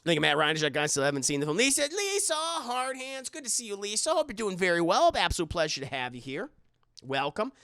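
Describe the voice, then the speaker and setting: A man's voice: sits high, sing-song, brisk, sharp tone, clear, resonant tone, no echo, studio quality. A man live-streaming, rambling through casual commentary and reading out his chat, often stumbling and repeating words.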